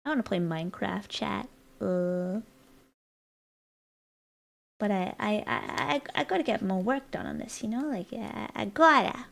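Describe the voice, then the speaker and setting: Slow-talking gravelly American woman streamer. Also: mid-range voice. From United States. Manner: chatty, playful, teasing, rambling asides to chat. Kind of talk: casual live-stream chat while designing.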